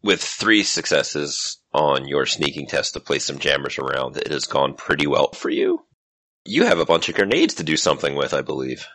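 A man with a strikingly deep, low voice narrates as game master of a tabletop game. He lays out the scene in an easygoing, explanatory way, recorded close and dry. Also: very animated, normal speed, a bit bright, no echo.

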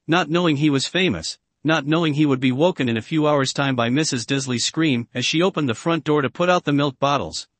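Reading a story aloud like an audiobook, this man keeps a steady, expressive delivery with a voice pitched somewhat high for a male. The recording is dry and close-miked, with no room sound at all.

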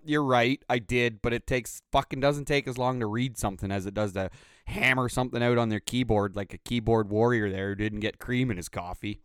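Man, solo podcast host, sarcastic profane rant, smooth clear voice, dry close sound. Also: medium pitch, fairly even intonation, a little fast, dry recording.

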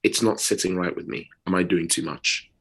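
A British man with a very low, deep voice talks on a casual podcast. He speaks earnestly and unhurriedly, leaning into pauses and repeating words as he builds his point. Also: steady tone, fairly bright tone, slightly rough. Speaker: podcast co-host.

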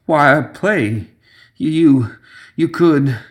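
A man voicing a desperate, weakened man with a croaking voice. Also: fairly high pitch, extremely slow, voice pushed up. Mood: pleading.

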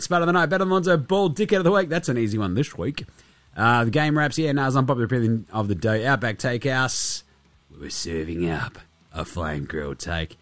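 A man's voice: mid-range voice, fairly bright tone, no echo. An Australian man with a nasally, under-the-weather voice, hosting a podcast in a studio in a jokey, rambling, self-mocking way. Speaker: podcast host. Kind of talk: casual chat.

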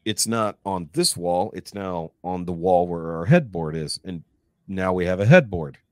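Man, low voice, casual profane storyteller, dry close sound. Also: measured pace, dry recording. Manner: profane, animated retelling with acted-out quotes. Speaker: podcast guest.

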